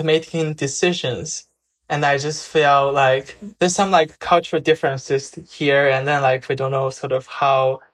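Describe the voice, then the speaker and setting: A young man talks as a guest, his voice a little high for a man. He speaks hesitantly, pausing to search for the right words. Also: fairly bright tone. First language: Chinese. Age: young adult. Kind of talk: casual discussion.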